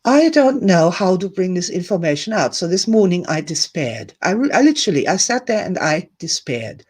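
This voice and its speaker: A woman's voice: fairly low pitch, big pitch swings, normal speed, a little mellow, breathy edge. A woman hosting a live-streamed talk to her viewers, emotional and teary, speaking candidly, repeating words and swearing now and then. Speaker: host.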